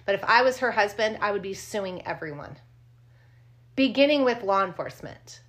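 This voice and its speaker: A woman's voice: medium pitch, expressive, normal speed, a bit bright. A woman co-hosting a true crime podcast, talking casually, blunt and indignant, and swearing freely. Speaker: podcast co-host.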